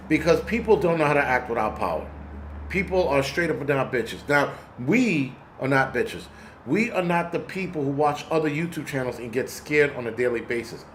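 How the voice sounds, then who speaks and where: A man's voice: on the high side, slight background noise. A man hosting a casual vlog who rants angrily and bluntly, with plenty of profanity. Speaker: host.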